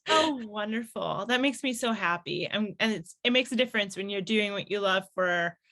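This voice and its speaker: A woman's voice: mid-range voice, expressive, normal speed, pushed and bright. A woman hosting an interview, talking eagerly and full of enthusiasm, with lots of "like". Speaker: host. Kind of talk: casual interview chat.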